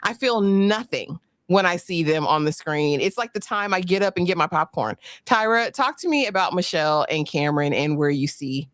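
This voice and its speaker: A woman's voice: on the low side, moderate pace, no echo, studio quality. A woman hosting a live stream, giving frank, exasperated commentary on a reality show and handing questions to her co-host.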